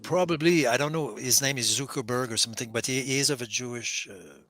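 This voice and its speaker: Bright-voiced man, animated explainer. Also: medium pitch, a little fast, dry recording. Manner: animated, explanatory, with frequent restarts. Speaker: guest explaining Hebrew scripture. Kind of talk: casual discussion.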